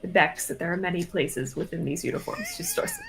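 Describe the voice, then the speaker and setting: A woman's voice: fairly low pitch, wildly swooping pitch, brisk, vocal fry, a little hiss or hum. A woman playing a tabletop game, talking eagerly and casually. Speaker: player.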